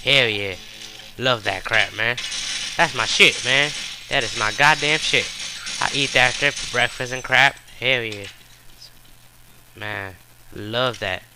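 Male gamer, slow-paced commentary, profane trash talk, frustrated. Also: mid-range voice, noisy background. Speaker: gameplay commentator. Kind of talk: live gameplay commentary.

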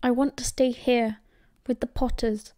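A British woman voicing a defiant teenage boy who speaks quietly but very firmly. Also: fairly high pitch, flat delivery, a little slow, no room sound, studio quality, lightly acted.

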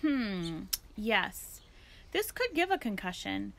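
A woman voicing an eccentric elderly woman philosopher who talks in a formal, digressive, unhurried way. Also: medium pitch, sing-song, gravelly, heavily acted. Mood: musing.

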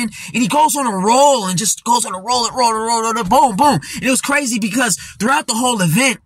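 A man's voice: extremely high pitch, bright, forceful tone, slightly rough, no room sound. A man giving casual commentary, rambling and laughing, full of "you know" fillers. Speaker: commentary vlogger.

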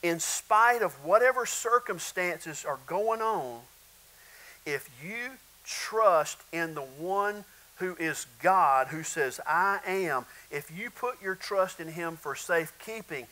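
A man's voice: high voice, animated, slow pace, sharp tone, rough recording. A male pastor preaching a sermon in an emphatic, repetitive way, often calling out to the congregation.

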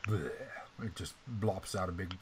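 A man running a tabletop game as game master, casual and profane, often clearing his throat. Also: sits low, takes it slowly, background noise.

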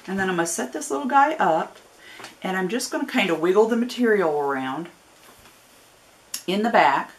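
Folksy low-voiced woman demonstrating crafts. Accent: Northern US with a growing Southern twang. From Northern Ohio, US. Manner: chatty and folksy, with rambling asides and friendly warnings. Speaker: craft tutorial host. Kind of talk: casual step-by-step craft demonstration.

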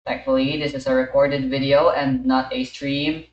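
A man's voice: mid-range voice, normal speed, dull audio. Young-ish guy muttering thru his game session, sits back from the mic, room echo all over it. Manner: relaxed, mumbling commentary to himself and a friend. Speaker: gamer recording a playthrough. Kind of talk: casual gameplay chat. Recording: roomy, distant from the mic.

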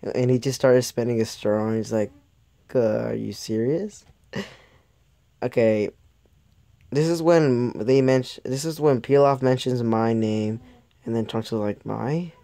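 A man's voice: medium pitch, measured pace, dark tone, dry recording. A young man giving a casual, rambling episode review who often loses his train of thought and laughs at himself. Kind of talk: casual video commentary.

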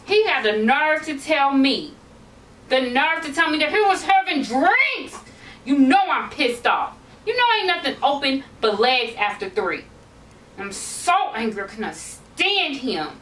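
A woman's voice: high voice, very animated, unhurried, a bit bright, slight background noise. A woman acting in a comedic drama, talking in a sassy, exasperated way. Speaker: actress in a short film. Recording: distant mic with music bed.

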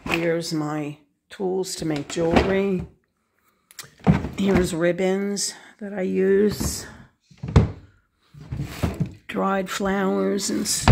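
A woman giving a casual, unhurried tour of her home craft room, pointing things out one by one. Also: fairly low pitch, creaky, heavy background noise.

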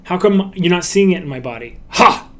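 A man's voice: high voice, animated, brisk. A man teaching animation in a recorded lecture, often acting out short lines and laughs to demonstrate, with frequent restarts. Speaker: animation instructor.

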